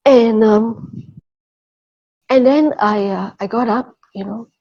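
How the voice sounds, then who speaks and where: Speaking slowly in a voice on the high side, a middle-aged woman earnestly recounts her personal testimony of faith. She often checks that her listeners are following, leaning on "okay" and "you know," all captured in a muffled lo-fi recording.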